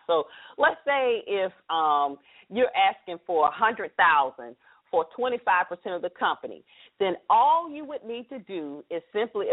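A middle-aged woman hosting a live talk radio show, upbeat and chatty as she promotes the show and explains business math. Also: mid-range voice. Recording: phone-like narrow band radio audio.

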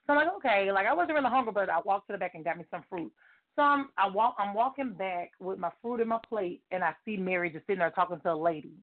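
A woman guest on a chat show, an excitable storyteller who laughs often, heard over a video call. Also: medium pitch, quick pace. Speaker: guest author. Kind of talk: casual chat. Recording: phone-like call audio.

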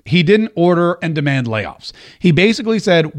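A man's voice: on the high side, sing-song, moderate pace. A man hosting a talk show, giving casual, joking political commentary with frequent restarts. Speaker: podcast host.

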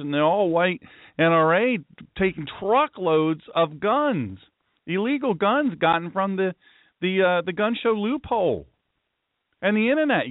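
A man from the US East Coast hosts a solo talk show, his pitch swooping up and down as he jokes with dry sarcasm. His throat sounds tired and sore. The sound is dry and narrow, as if over a phone line. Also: no room sound. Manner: sarcastic and joking, with mock-serious asides. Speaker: pastor and show host. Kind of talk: solo talk-radio monologue.

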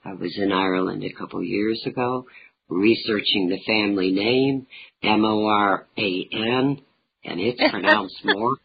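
A woman's voice: extremely low pitch, measured pace, creaky, dull audio, a little hiss or hum. A middle-aged woman, an author being interviewed, telling humorous family anecdotes. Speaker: author and talk show guest. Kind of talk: interview storytelling.

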